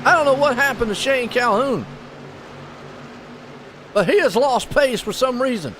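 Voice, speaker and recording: A man calling a live sim race play-by-play, excitable and folksy. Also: extremely high pitch, measured pace, background noise. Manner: excitable, folksy, puzzled asides. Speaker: race commentator.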